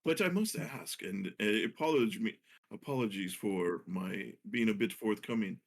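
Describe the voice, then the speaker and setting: A man voicing a courteous, curious older male wizard who speaks in formal, halting phrases. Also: lowish voice, lively intonation, creaky. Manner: polite, formal phrasing with hesitations.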